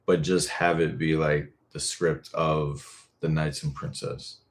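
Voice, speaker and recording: A man's voice: low voice, a little mellow. A man voice actor chatting casually on a live stream, laid-back, thinking aloud and swearing freely.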